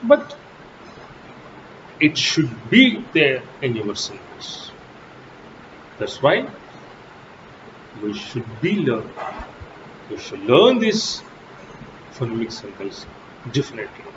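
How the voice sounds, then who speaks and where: In a dull, lo-fi recording with a steady hum of background noise, a male English lecturer teaches a college class. Telugu is his first language, and his delivery is slow and emphatic, with sharp rises in pitch on the words that matter.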